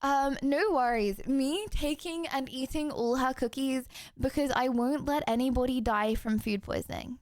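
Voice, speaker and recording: A woman's voice: sits high, moderate pace, hardly any pauses, no echo. Giggly, chatty young woman streamer. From Houston, Texas. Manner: giggly, chatty, talks to chat. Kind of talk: casual livestream chat. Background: background music.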